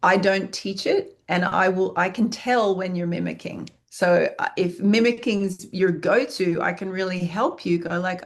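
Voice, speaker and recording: A woman's voice: on the low side, a little slow, few pauses. A woman acting teacher answering interview questions in an earnest, frank way, speaking in long flowing lists and swearing freely.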